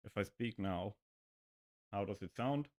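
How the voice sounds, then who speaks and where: A man's voice: fairly low pitch, a little slow, darkish tone. A man with a slight lisp, a streamer testing his microphone on a livestream and muttering to himself as he adjusts settings. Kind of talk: livestream mic check.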